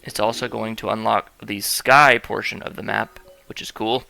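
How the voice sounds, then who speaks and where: A man's voice: on the low side, fairly even intonation, moderate pace, creaky, bright, forceful tone. A man hosting a let's-play, commentating on gameplay in a playful, jokey way and talking straight to viewers. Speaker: gaming host.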